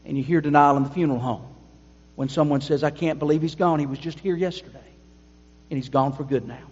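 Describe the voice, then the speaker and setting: A man's voice: fairly high pitch, steady tone, fast talker, darkish tone, breathy edge. A man preaching a sermon to his congregation, adding emphatic asides. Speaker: pastor. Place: church sanctuary. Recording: dull sound with long hall reverb.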